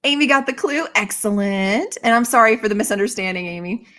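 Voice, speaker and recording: A woman hosting a casual live stream, chatting brightly and reacting to viewer comments. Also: medium pitch, animated, fairly quick. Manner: bubbly, reads viewer comments aloud. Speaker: livestream host.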